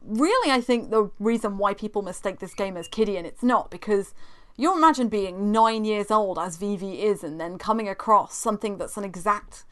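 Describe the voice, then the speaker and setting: A woman's voice: mid-range voice, fairly bright tone. A woman co-hosting a podcast, gushing enthusiastically in casual chat. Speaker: podcast co-host.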